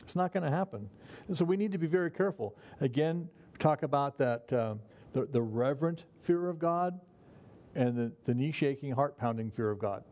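Mellow-voiced man preaching a folksy sermon. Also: medium pitch, expressive, normal speed. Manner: folksy, chuckles at his own remarks. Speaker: pastor. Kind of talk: conversational sermon.

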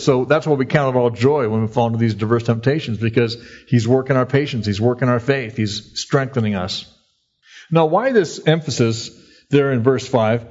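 A man's voice: medium pitch, darkish tone, muffled recording. A man preaching a sermon in a conversational, folksy way, acting out quoted voices by raising his voice. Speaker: pastor.

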